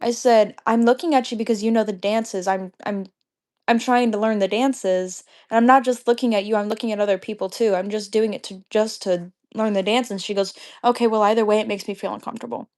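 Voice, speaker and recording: A woman's voice: medium pitch, fairly even intonation, a little mellow. A young woman telling a heated story on a livestream, swearing freely and recounting an argument line by line. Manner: heated, profane, talks fast when angry. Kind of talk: casual storytime rant.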